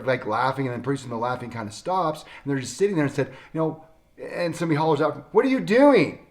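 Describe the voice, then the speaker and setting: A man who works as a chiropractor speaks straight to camera in a casual, folksy way. He tells a story with emphatic turns and keeps an easy, conversational pace. His voice sits at an ordinary middle pitch.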